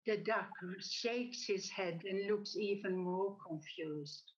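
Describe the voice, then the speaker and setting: A woman speaking slowly and calmly, explaining ideas step by step in a reflective talk. Her voice sits at an ordinary middle pitch. The recording sounds somewhat dull and muffled. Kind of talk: reflective talk with a told joke.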